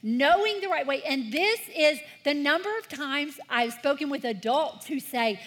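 A woman's voice: sits high, moderate pace, fairly bright tone. A woman leading a church talk for kids and parents, earnest and encouraging, calling the congregation to read scripture aloud with her. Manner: leads call-and-response scripture reading. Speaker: children's ministry leader.

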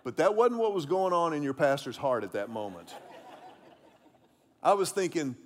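A male pastor, preaching a sermon in an animated, conversational way with self-deprecating humor. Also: a little high, moderate pace.

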